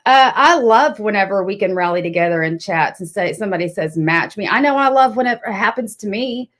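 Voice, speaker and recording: A woman's voice: medium pitch, lively intonation, brisk, fairly bright tone. A woman hosting a casual livestream, chatty, answering her chat and swearing when annoyed. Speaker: livestream host.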